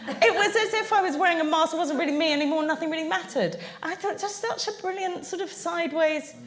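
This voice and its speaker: A woman's voice: very high-pitched, fast. A woman on a panel, telling anecdotes and laughing often as she talks. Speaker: panel guest. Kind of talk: anecdotal storytelling on stage. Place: public venue.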